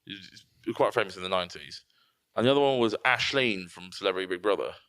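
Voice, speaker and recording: A man's voice: low-pitched, fast, clean tone, no room sound, studio quality. A man co-hosting a podcast, chatting casually and acting out quotes with big laughs. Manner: animated storyteller, acts out quotes and laughs a lot. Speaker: podcast co-host. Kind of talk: casual banter.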